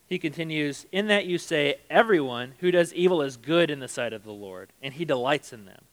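A man's voice: a little high, lively intonation, brisk, few pauses, a bit bright, rough recording. A man preaching a sermon in a conversational way, reading scripture aloud and acting out the quotes. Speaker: pastor.

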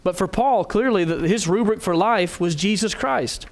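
A man's voice: sits high, moderate pace. A man preaching a sermon as a pastor, earnest and emphatic, putting direct questions to his listeners.

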